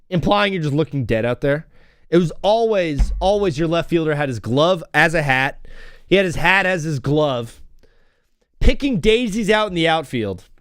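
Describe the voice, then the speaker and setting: A man's voice: fairly high pitch, a bit bright, dry recording, studio quality. A young man hosting a live stream from home, rambling through stories and chanting old cheers. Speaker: host. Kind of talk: casual live-stream chat.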